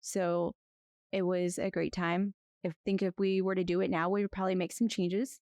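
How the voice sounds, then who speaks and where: Chatty woman lawyer guest, lowish voice. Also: normal speed, no room sound, studio quality. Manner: chatty, rambling with restarts, animated retelling. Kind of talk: conversational interview.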